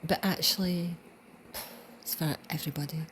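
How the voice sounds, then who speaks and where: A woman with a Scottish accent giving an earnest spiritual reflection, dropping into soft whispers for emphasis. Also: low-pitched, steady tone, moderate pace, a little hiss or hum. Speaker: channel host.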